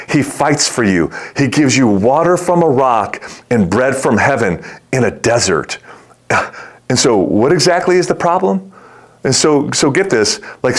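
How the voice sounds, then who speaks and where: A middle-aged male pastor preaching a conversational sermon, often repeating words as he starts sentences and acting out the voices in his stories. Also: mid-range voice. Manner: acts out quoted voices in the story.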